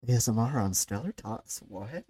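A woman's voice: a bass voice, expressive, moderate pace, dark tone, breathy edge. A woman hosting a casual streamed podcast chat, giggling often and joking about herself. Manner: giggly, self-deprecating. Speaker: podcast host.

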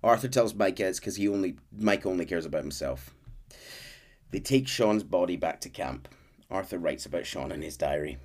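Low-voiced man retelling a story. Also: brisk. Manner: animated retelling with fillers. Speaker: podcast host recapping a game story. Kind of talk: casual storytelling recap.

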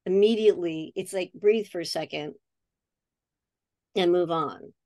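Woman, 60s, lowish voice, earnest podcast guest, reflective and chatty. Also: measured pace, mellow, no room sound. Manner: earnest and reflective, acts out remembered dialogue. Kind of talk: casual conversation.

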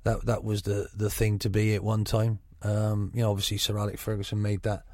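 A man's voice: fairly low pitch, monotone, fairly quick, a little mellow, dry recording. Frank Gloucestershire man, dry close sound. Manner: frank, chatty, many restarts. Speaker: football manager. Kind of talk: radio interview.

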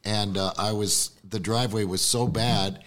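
A man's voice: lowish voice, steady tone, measured pace, a bit bright. A man guest telling a story in a casual, rambling way, jumping back and forth in time.

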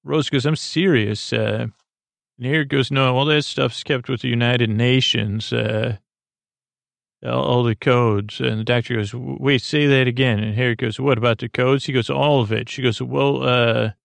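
Gravelly, halting man retelling a story. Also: fairly even intonation, no echo. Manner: meandering, halting, full of ums and restarts; low-key, unhurried. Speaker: podcast host. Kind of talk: rambling bedtime retelling of a TV episode.

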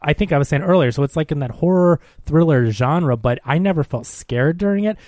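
A man's voice: on the high side, expressive, a little mellow, no echo, clean studio sound. Enthusiastic man in podcast chat. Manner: enthusiastic, quick to react with laughs. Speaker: podcast co-host. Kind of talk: casual chat.

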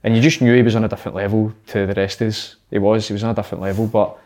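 A Scottish man, a former footballer, telling stories in casual podcast chat, animated and laughing between put-on quotes. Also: lowish voice, rapid-fire.

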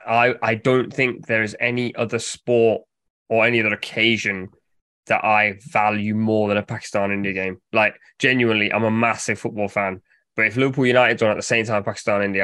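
A man hosting a casual football podcast, steady and presenting, moving the chat along. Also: on the low side, no room sound, clean studio sound. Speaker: podcast host.

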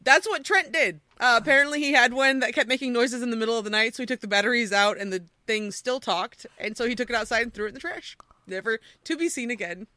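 A woman hosting a podcast, chatting casually and reading creepy stories aloud with animated quoting. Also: fairly high pitch, fast, no room sound. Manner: animated storyteller, quoting with voices. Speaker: podcast host.

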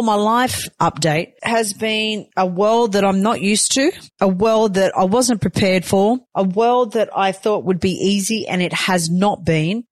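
A woman's voice: medium pitch, dry recording. A woman, a new mother talking openly and emotionally in a chatty personal vlog. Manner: open, emotional, chatty with many fillers.

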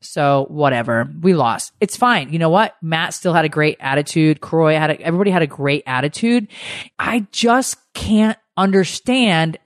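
A woman's voice: low-pitched, expressive, moderate pace, no room sound, clean studio sound. A middle-aged woman co-hosting a podcast, ranting in a heated, swearing casual chat. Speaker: podcast co-host.

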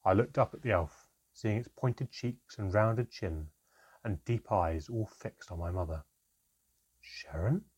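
A man reads a first-person fantasy storybook aloud in a measured, expressive way. His voice sits low with a husky texture. He narrates steadily and colors the tense moments.

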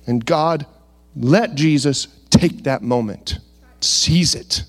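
A man's voice: fairly high pitch, takes it slowly, breathy edge, faint music behind. A man preaching a sermon and reading scripture aloud. He asks his listeners rhetorical questions.

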